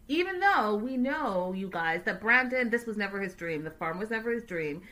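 Woman, livestream host, casual recap, animated, bright tone. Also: mid-range voice, normal speed, few pauses. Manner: animated, chatty, sassy.

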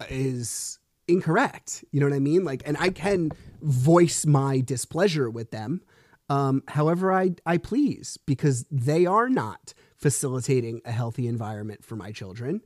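A man's voice: mid-range voice, a little mellow, dry recording, studio quality. A man in his thirties hosting a solo podcast, telling a story in a frustrated, rambling way with swearing and restarts. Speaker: podcast host.

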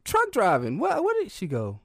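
A man voicing his exasperated older grandfather, who curses in shrill disbelief. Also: huge pitch swings, moderate pace, gravelly, dry recording, studio quality, heavily acted.

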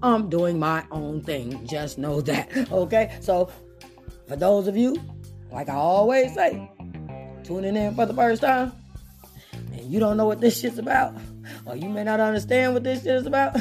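A loud woman hosts her podcast in a loose, profane, chatty way, laughing often between lines. Her voice sits at a middle pitch, with faint music underneath. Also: lively intonation, moderate pace. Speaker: podcast host. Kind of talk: casual chat.

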